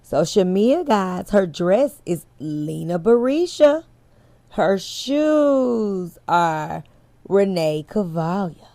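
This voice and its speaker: Slow, candid chatty woman host. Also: mid-range voice, very animated, dark tone, dry recording. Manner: candid, chatty, swears freely, addresses viewers directly. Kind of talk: casual commentary chat to viewers.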